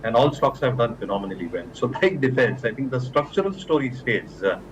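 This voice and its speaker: A man with an Indian English accent explaining a sector outlook as a guest research analyst, measured and explanatory. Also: medium pitch, expressive, dull audio, noisy background. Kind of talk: remote guest commentary.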